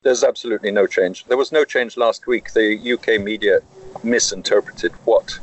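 Deep husky guy explaining stuff slowly, lots of uhs and restarts. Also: poor audio. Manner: measured, with frequent hesitations. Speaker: correspondent in France. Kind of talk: interview answers.

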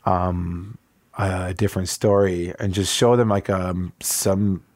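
Low-voiced reflective man from Wisconsin. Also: steady tone, a little mellow, no room sound. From Wisconsin, USA. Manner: reflective, halting, many fillers. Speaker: interview guest. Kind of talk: conversational storytelling.

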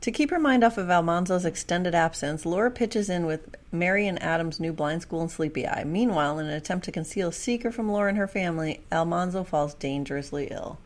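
A woman's voice: fairly low pitch, fairly quick, few pauses. A woman co-hosting a podcast in casual chat, blunt, profane and enthusiastic. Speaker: podcast co-host.

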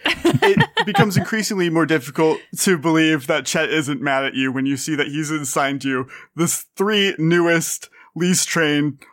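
Game master, playful, laughs through the narration, lively pitch. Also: measured pace.

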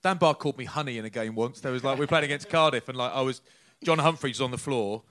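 A man from England in casual chat, telling quick anecdotes with dry humour. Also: medium pitch, fairly bright tone.

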